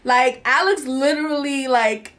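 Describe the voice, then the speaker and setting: A woman's voice: high voice, a little slow, a bit bright. A young woman in her twenties from New York, telling a personal story to camera in candid, slangy, emotional chat. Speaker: vlogger. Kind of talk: casual confessional chat.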